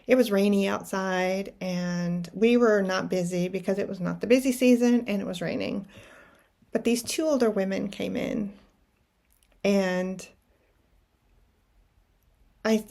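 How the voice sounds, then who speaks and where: A woman's voice: mid-range voice, a little mellow. A middle-aged woman telling a personal story in a reflective, anecdotal way, often restarting her sentences. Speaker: podcast host.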